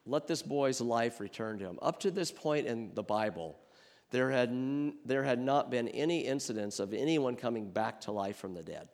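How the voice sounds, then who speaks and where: A man's voice: mid-range voice, lively intonation, moderate pace. Earnest male pastor preaching in a hall. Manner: earnest, with rhetorical questions and swings from loud to soft. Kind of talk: sermon.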